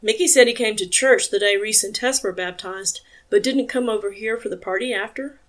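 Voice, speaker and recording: A woman's voice: mid-range voice, brisk, lightly acted. A woman reading a tired injured man in a wheelchair in an audiobook, hesitant and questioning.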